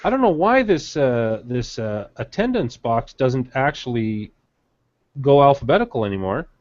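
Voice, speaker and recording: A man's voice: mid-range voice, big pitch swings, normal speed, a little mellow, lo-fi sound. A man co-hosting a live webinar, casual and hesitant, with many fillers as he reads out winners. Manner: hesitant, many fillers while reading names. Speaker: webinar co-host.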